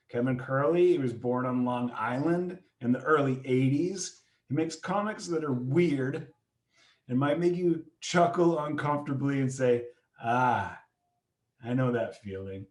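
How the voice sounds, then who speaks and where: A man hosting a live online comics reading on a video call, talking casually with many pauses and fillers. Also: mid-range voice. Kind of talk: casual event introduction. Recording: roomy echo.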